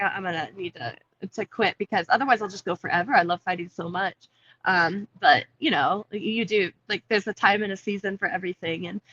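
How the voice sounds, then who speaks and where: A woman's voice: mid-range voice, sharp tone, highs cut off, a little hiss or hum. A woman in her thirties, a fighter chatting casually as a guest on a video call from a coffee shop, laughing easily. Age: 30s. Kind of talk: casual interview.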